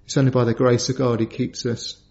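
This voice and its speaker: A middle-aged man preaching a sermon, telling a personal story in earnest and lifting his voice high when he acts out quotes. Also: level tone, a little fast, creaky, a little mellow, dull audio.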